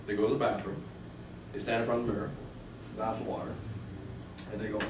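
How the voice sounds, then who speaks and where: A man's voice: on the low side, flat delivery, fast, recorded from a distance. A man teaching a live real estate sales class, talking conversationally and quizzing the class with questions. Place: training room with a live class. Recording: echoey room from afar with clear background noise.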